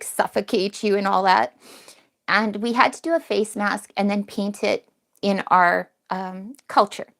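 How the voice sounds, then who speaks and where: Gravelly-voiced teary woman livestreaming. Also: medium pitch. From Canada. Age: middle-aged. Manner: emotional, rambling, talks to chat viewers. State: teary, recently crying. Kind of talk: casual live-stream chat. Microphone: cheap phone.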